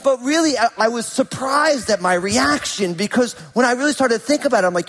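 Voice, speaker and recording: Animated pastor preaching in a reverberant hall. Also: male voice, very high-pitched, a little fast. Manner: animated, acts out the people in his story. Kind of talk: sermon storytelling.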